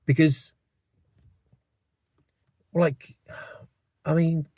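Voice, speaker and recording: A man's voice: fairly high pitch, little pitch movement, very slow, dark tone, no echo, studio quality. Blunt man in his fifties. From England. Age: 50s. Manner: rambling, blunt, opinionated, many asides. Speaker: vlogger. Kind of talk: casual opinion monologue to camera.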